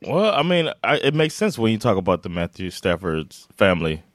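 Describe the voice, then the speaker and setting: A man's voice: on the low side, sing-song, brisk, no room sound, clean studio sound. A man co-hosting a podcast in casual chat, joking and laughing a lot, blunt in his opinions. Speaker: podcast co-host.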